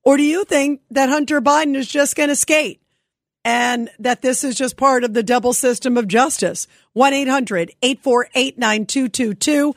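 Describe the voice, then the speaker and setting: A woman's voice: high voice, moderate pace, no room sound, clean studio sound. A woman hosting a talk radio show, speaking emphatically and indignantly, firing rhetorical questions.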